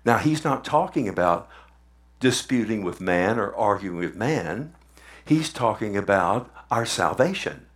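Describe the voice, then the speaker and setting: A man's voice: on the low side, lively intonation, unhurried. A man preaching a sermon in a conversational way, asking the congregation questions and repeating words for emphasis. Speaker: pastor.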